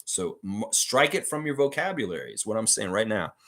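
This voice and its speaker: A man's voice: on the low side, very animated, a little fast, a bit bright. A man hosting a live-stream sports chat. He reads viewer comments aloud and gives blunt, opinionated replies into a desk microphone. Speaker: host of a fan channel live stream.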